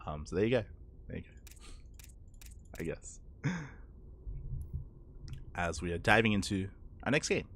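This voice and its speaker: A man with a mild Australian accent, tinged by a Spanish-speaking upbringing, casting an esports tournament in a relaxed, chatty live-stream manner, answering chat between games. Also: low voice, a little slow, pauses often, a little hiss or hum. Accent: mild Australian, blended with Spanish-speaking upbringing. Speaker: esports caster. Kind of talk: casual live stream commentary.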